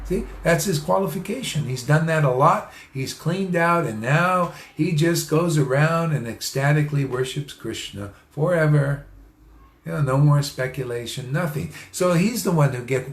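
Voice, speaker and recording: A man's voice: fairly high pitch, normal speed. Emphatic man teaching in an echoey room. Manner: repetitive, emphatic, laughs often, addresses listeners directly. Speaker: spiritual teacher. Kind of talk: informal religious talk.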